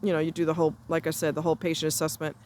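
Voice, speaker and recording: A woman's voice: low voice, level tone, rapid-fire, a little mellow, slight background noise. Woman, vlogger. Blunt, chatty storyteller recorded outdoors on a phone. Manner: blunt, salty and chatty, with frequent asides. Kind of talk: casual storytelling chat. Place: outdoors near a road, walking a dog.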